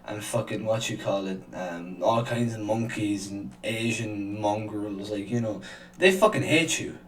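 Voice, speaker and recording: A man's voice: lowish voice, a little mellow, echoey room, recorded from a distance, poor audio. A man hosting a reaction video, ranting angrily with lots of swearing and filler words. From Ireland. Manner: angry, sweary, rambling with many fillers. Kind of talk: profane ranting commentary.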